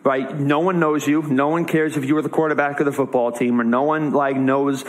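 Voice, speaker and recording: A man's voice: medium pitch, fairly even intonation, brisk, low-quality recording. A young man preaching in a casual, conversational way, retelling a story with voiced asides. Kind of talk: casual sermon.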